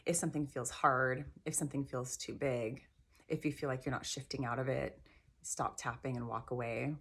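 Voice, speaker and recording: A middle-aged woman leading a guided tapping session, gentle and encouraging, repeating phrases slowly. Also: rumbling low, fairly even intonation, breathy edge. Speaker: tapping practitioner.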